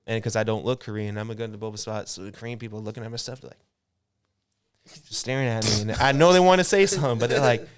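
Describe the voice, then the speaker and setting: This podcast guest, a clothing designer in his twenties, speaks with a mid-range voice at a racing pace over background noise. His casual chat is relaxed and rambling and full of filler words.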